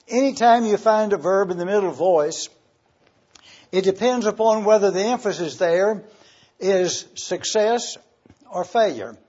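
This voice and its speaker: A man preaching an evening sermon, teaching slowly and spelling Greek words letter by letter. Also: sits high, a little mellow, husky, highs cut off. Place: church service, evening.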